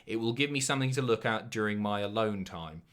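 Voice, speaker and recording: A man's voice: on the low side, a bit bright. A young man with a Southern English accent, chatting casually and swearing freely as he reads out donation messages on a live stream. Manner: sweary, jokey, quick asides.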